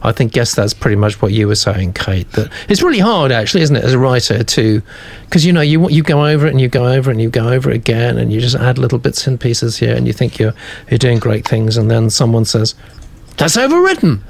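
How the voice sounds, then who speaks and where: A man hosting a casual panel discussion, chatty and animated, reading out comments and putting questions to guests. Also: mid-range voice, fast, gravelly, hardly any pauses. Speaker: host.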